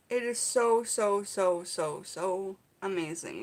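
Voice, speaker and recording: A woman vlogger from the Seattle area chatting to her viewers as she opens gifts, gushing, excited and full of fillers. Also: mid-range voice, slow, hardly any pauses. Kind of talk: casual unboxing chat to viewers.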